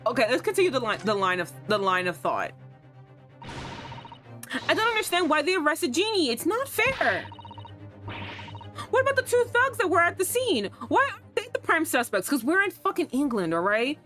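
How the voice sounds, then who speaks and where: A young woman with a fairly high voice, chatting through a let's-play stream. She reacts loudly and profanely, dropping into low grumbles between bursts of alarm. Soft game music plays faintly behind her. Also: moderate pace, long pauses. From United States. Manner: excitable, profane, swings between shrieks and low mutters. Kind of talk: casual let's-play commentary.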